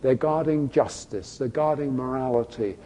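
A man's voice: medium pitch, moderate pace, warm tone, slight background noise. A man preaching a sermon in a church. He talks emphatically, fires off rhetorical questions, and keeps saying "you see". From Britain. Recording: echoey hall, long reverb.

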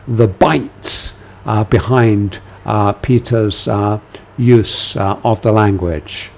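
A man speaks at an unhurried, deliberate pace, lecturing on a biblical book. His delivery is measured and full of "uh" fillers, and his voice sits at a middling pitch. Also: darkish tone. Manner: gives quoted commands with raised force. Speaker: Bible teacher.

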